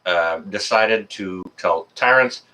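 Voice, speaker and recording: A man's voice: deep voice, slow, pushed and bright. A man from Canada hosting a casual live stream, greeting viewers by name in a friendly, rambling way with many fillers.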